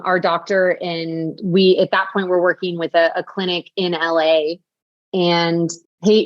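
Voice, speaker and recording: A woman's voice: on the low side, dry recording. Woman, 40s, podcast guest, candid heartfelt storytelling, slightly dull dry audio. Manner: heartfelt, lots of fillers like "like". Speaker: podcast guest, author and speaker.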